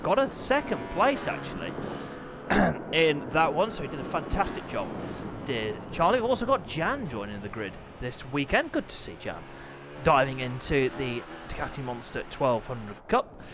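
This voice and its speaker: A man hosting a live stream, commentating sim motorbike racing and chatting with viewers, often clearing his throat. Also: on the high side, sing-song, moderate pace, noisy background.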